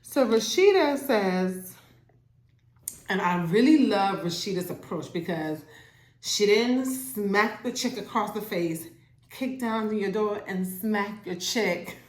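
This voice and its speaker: Woman, casual show recap, chatty, animated, acts out quotes, mid pitch, echoey room at home. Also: slow pace. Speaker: TV show reviewer. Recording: roomy echo.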